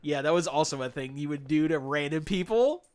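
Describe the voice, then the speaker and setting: A man chatting casually on a live stream while gaming, telling animated, sarcastic stories and laughing often. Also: on the high side, fairly quick.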